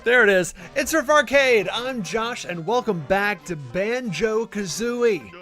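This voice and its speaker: A man hosting a gameplay live stream, talking in a casual, rambling way. His voice sits a bit high for a man, and he jokes at his own expense. Faint music plays in the background. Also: lively intonation, unhurried. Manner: chatty, rambling, self-deprecating, many fillers. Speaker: gaming channel host.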